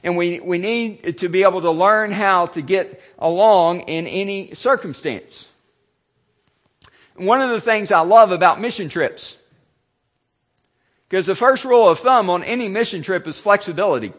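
A male pastor giving a sermon, halting, with many fillers and restarts. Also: high-pitched, highs cut off.

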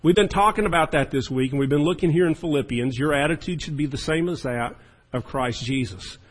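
A man's voice: a little high, brisk, low-quality recording. A man preaching a sermon as the pastor, in a folksy and chatty storytelling manner.

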